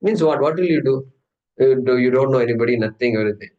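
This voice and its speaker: A man's voice: medium pitch, fast talker, darkish tone, highs cut off. A man teaching an informal scripture class, humorous and conversational, often asking and answering his own questions. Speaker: Gita teacher.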